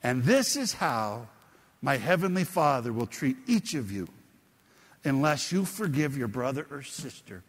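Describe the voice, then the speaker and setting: A man's voice: mid-range voice, sing-song, unhurried, husky, long reverb tail. A man preaching a sermon, explaining a scripture story in a conversational way and putting questions to his congregation. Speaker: pastor.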